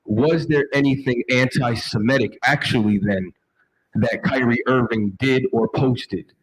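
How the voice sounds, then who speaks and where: A man's voice: medium pitch, measured pace, breathy edge, poor audio. A man from the audience putting a question to the panel in a hesitant, rambling way.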